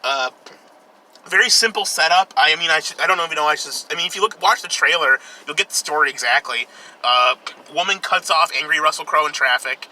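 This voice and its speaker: A man's voice: on the high side, a little fast, bright, forceful tone, low-quality recording. A young man casually reviewing a film while driving, rambling, profane and sarcastic. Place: in a car, outdoors traffic.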